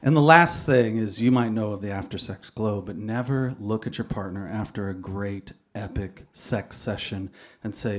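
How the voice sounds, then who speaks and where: A man's voice: fairly low pitch, moderate pace. A man performing live stand-up comedy with a dry, offhand delivery and sudden bursts of energy.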